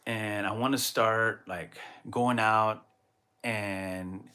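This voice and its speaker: A man from Texas hosting his own podcast, talking casually in a rambling, animated way with lots of restarts. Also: on the low side, drawn-out words, clear, resonant tone. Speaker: podcast host. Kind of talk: casual solo monologue.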